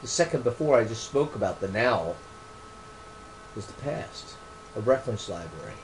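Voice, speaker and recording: A man explaining his training book in a casual, unscripted way, earnest and rambling, often restarting phrases and shifting between soft trailing words and loud emphatic bursts. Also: on the low side, expressive, quick pace, a little hiss or hum, poor audio.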